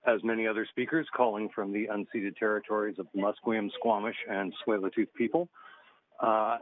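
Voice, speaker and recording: A man's voice: fairly low pitch, slight background noise. A man calling in to a council meeting, giving blunt, emotional public comment full of rhetorical questions. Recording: tinny phone line.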